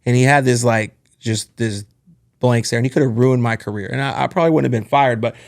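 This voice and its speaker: Male podcast host, mid-range voice with gravelly texture, candid and earnest storytelling. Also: mid-range voice, fairly quick. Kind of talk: casual podcast conversation.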